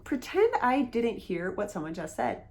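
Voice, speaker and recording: Woman, instructional talk, earnest, encouraging, mid pitch. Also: very animated, moderate pace, a little mellow. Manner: earnest, encouraging, acts out sample phrases. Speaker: hearing-loss educator.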